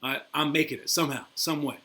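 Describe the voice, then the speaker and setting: A young adult man with a fairly high, sharp voice talks fast with fairly even intonation. He's a coach hosting a basketball show, giving a rambling motivational talk and interview, teasing his guest, laughing easily, and repeating "all right?" often.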